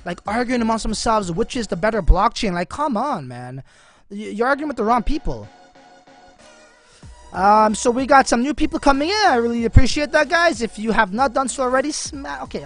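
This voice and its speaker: A man's voice: very high voice, expressive, normal speed, a bit bright. Man, livestream host, casual slangy chat, lots of likes and bros, faint music behind. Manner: slangy, filler-heavy, addresses viewers as man and bro. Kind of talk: casual live-stream chat.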